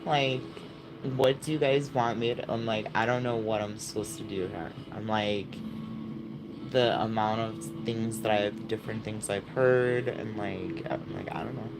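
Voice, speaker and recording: Low-voiced woman chatting on a livestream. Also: fairly even intonation, measured pace, noisy background. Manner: exasperated, rambling, trails off mid-sentence. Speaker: livestream host. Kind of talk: casual livestream chat.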